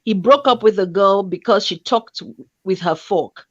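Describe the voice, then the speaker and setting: A woman, hosting a casual online chat show, reading stories aloud with lively, teasing asides. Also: mid-range voice, a little slow, no room sound, dull audio. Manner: animated, laughing, teasing asides. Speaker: show host. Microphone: video call stream.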